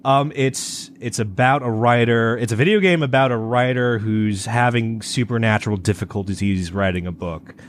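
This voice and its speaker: A man's voice: medium pitch, moderate pace, hardly any pauses, a little hiss or hum. A man co-hosting a podcast, chatting casually in a rambling way, with lots of stumbling restarts and swearing. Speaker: podcast co-host. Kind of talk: casual chat.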